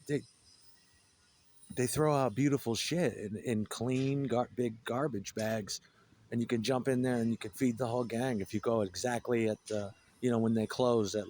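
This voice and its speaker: A man's voice: mid-range voice, a little mellow. A man telling profane, digressive stories in a casual rambling monologue, with a wry, joking manner. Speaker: storyteller.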